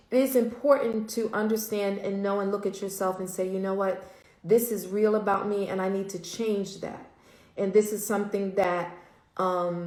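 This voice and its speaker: Candid woman host in an echoey room. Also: medium pitch. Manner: candid, reflective, frequent ums, curses when quoting herself. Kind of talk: casual livestream talk.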